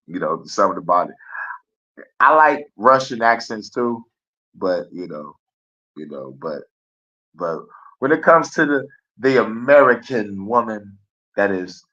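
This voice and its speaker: A man's voice: fairly low pitch, lively intonation, unhurried, long pauses, pushed and bright. A man hosting a live stream, rambling in a casual, profane monologue and laughing often. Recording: dull lo-fi stream audio.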